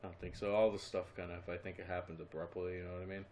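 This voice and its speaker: A man's voice: sits low, little pitch movement, rapid-fire, a little mellow, slight background noise. A young man co-hosting a casual podcast, loose and speculative, fond of goofy voices. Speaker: podcast co-host. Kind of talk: casual chat.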